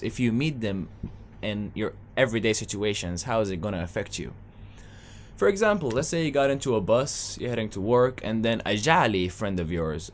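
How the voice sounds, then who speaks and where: Slight background noise sits behind this fairly low male voice. He's a young Sudanese comic on stage, rambling through conversational stories and tossing in playful asides.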